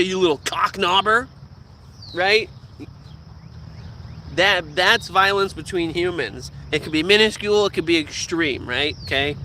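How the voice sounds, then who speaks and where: A man ranting casually to camera as a vlogger, profane and animated, slipping into quoted voices. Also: mid-range voice, slight background noise.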